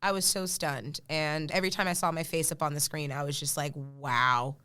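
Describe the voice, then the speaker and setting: A woman telling an animated story in casual chat, acting out the lines of people she quotes. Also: deep voice, normal speed, clean tone. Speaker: podcast guest.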